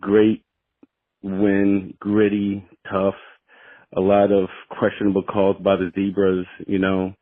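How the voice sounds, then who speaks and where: A tired male caller with a deep voice who talks in an easygoing way and fills his pauses. He comes through on a tinny, dry phone line. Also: completely flat delivery, no room sound. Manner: easygoing, with frequent fillers. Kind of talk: call-in to a sports show.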